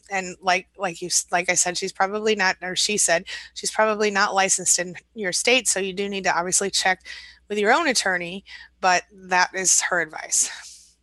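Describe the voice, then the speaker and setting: A woman's voice: lowish voice, bright, forceful tone, no echo. A middle-aged woman hosting a live stream, reading out viewer comments and answering them in a sympathetic, reassuring way. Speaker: host, relationship recovery coach.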